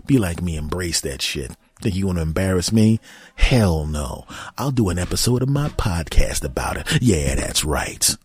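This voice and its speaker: A man's voice: low-pitched, expressive, normal speed, breathy edge. A man hosting his own podcast, joking crudely in a rambling comedic monologue. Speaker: podcast host.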